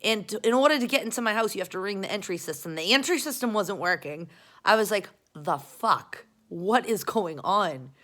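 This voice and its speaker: A woman's voice: medium pitch, animated, quick pace, a bit bright. A young woman, rambling casually and profanely to her viewers in a self-mocking way. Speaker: vlogger.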